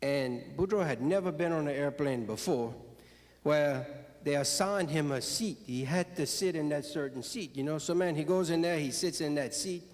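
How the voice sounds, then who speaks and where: This Cajun comedian and storyteller from South Louisiana works a live crowd with stand-up jokes in a drawling, folksy manner. He sounds a little high and a little mellow, speaking at a moderate pace. Long reverb from the hall surrounds him.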